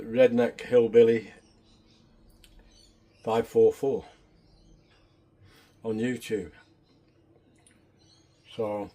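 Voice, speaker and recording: A man's voice: lowish voice, dark tone. A man, chatting casually in a home cooking vlog, rambling and down to earth. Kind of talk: casual chat.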